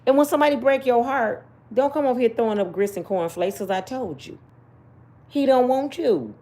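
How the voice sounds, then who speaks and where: A middle-aged woman with a somewhat high voice talks straight to her viewers in casual story-time commentary. She is blunt and preachy, scolds hard, and repeats her points for emphasis. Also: brisk, dark tone. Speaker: vlogger giving personal opinions.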